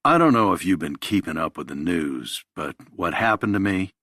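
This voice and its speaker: A man voicing a weary, drunk man with a Southern drawl who hides out in a dark park. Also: sits low, animated, dry recording, studio quality, heavily acted. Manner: slow drawling.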